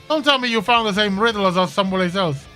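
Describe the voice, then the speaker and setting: A man doing a jittery high-pitched pirate lackey. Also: fast talker, pushed and bright, faint music behind. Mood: excitable. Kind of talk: fan voice-over of game dialogue.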